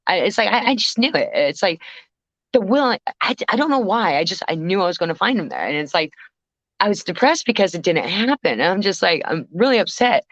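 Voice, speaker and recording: A woman who is a guest vocalist, telling a story on a casual podcast in an animated way, with swearing and frequent restarts. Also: lowish voice, no room sound, muffled recording. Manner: animated, swearing, self-interrupting.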